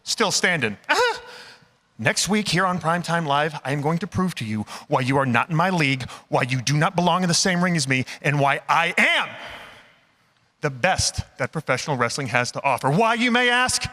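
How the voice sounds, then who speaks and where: Cocky wrestler cutting a promo. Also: male voice, on the high side, lively intonation, moderate pace, bright, forceful tone, big-room sound. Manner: cocky, boastful.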